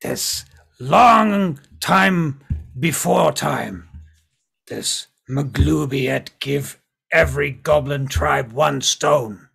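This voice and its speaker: A man voicing a mournful goblin, one of the last of its tribe, who speaks in slow, broken, simple sentences with a gravelly, husky voice. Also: a little high, a bit bright, full character voice.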